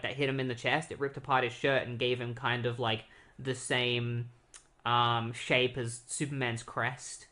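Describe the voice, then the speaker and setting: A man's voice: medium pitch, sharp tone. Easygoing man casually recapping comics. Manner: loose, filler-heavy retelling with lots of "like"; slips into quick quoted voices of characters. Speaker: podcast co-host.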